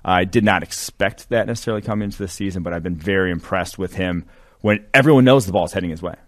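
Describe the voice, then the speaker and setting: A man's voice: low-pitched, quick pace. A man co-hosting a sports podcast, talking loosely and rambling with lots of fillers. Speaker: podcast co-host, draft analyst. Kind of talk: casual sports podcast chat.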